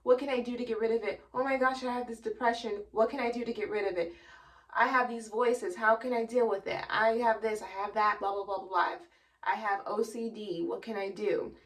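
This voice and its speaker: A woman voicing an anxious, overwhelmed female psych patient who asks rushed, worried questions in a raised voice, a bit away from the mic. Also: a little high, steady tone, distant mic, lightly acted.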